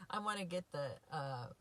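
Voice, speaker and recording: A woman's voice: fairly low pitch, fairly bright tone. A woman recovery coach talking casually and from the heart to her viewers, with many fillers and frequent "right?" asides. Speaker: recovery coach and podcast host. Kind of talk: casual direct-to-viewer talk.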